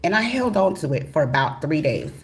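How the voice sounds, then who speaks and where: Animated, profane woman telling a story. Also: low voice, a little fast. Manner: animated, profane, swings between hushed and loud. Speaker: tarot channel host. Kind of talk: casual storytelling to viewers.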